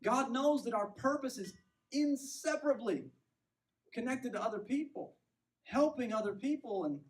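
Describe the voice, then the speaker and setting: A man's voice: high-pitched, far from the mic, low-quality recording. A man preaching a sermon as pastor, conversational and self-deprecating, often checking in with "right?".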